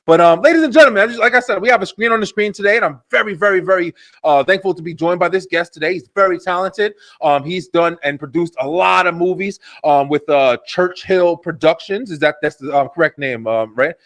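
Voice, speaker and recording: A man with a New Jersey accent hosting a web show over a video call, talking fast and excitably with lots of slang and fillers. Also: high-pitched, dry recording. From Elizabeth, New Jersey. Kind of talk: casual interview chat.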